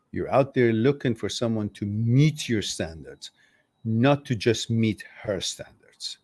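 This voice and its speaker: A man of ordinary pitch hosts an advice talk, blunt and heated. He curses when something annoys him and plays out both sides of imagined conversations. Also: breathy edge. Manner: passionate, blunt, swears when upset. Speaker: advice show host. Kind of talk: livestream advice talk reading viewer comments.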